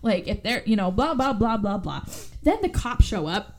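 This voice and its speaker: A woman podcast host recapping a movie in casual chat, animated and swearing freely. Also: medium pitch, moderate pace.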